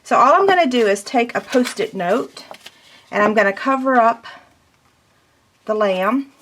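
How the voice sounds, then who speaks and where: A woman's voice: a little high, animated, unhurried, fairly bright tone, a little hiss or hum. Chatty woman demonstrating a paper craft. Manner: chatty, step-by-step, self-deprecating. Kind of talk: casual craft tutorial.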